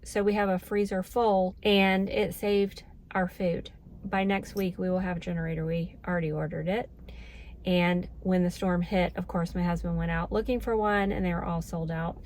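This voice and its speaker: A woman's voice: lowish voice, fairly even intonation, fairly quick, darkish tone, a little hiss or hum. Earnest middle-aged woman vlogger. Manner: earnest, heartfelt, emotional at moments. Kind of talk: casual talk to camera.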